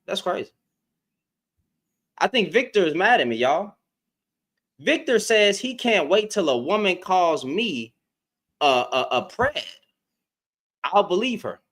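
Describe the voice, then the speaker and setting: A livestream host talks directly to his chat in a casual commentary stream, repeating himself a lot and taunting viewers. His voice sits high and is fairly bright, very animated, yet he speaks slowly with long pauses.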